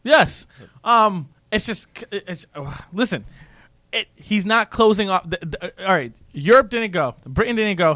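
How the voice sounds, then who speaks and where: A man in casual political chat, animated and ranting, often mocking other people's voices. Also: high-pitched, a little slow, no echo.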